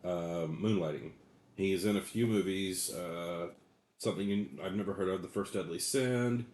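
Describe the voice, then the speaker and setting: A man in his late forties talks through old films in a loose, rambling way, swearing freely. His voice sits very low, and the room around him echoes. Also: moderate pace, darkish tone, slight background noise. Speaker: co-host. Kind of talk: casual movie chat.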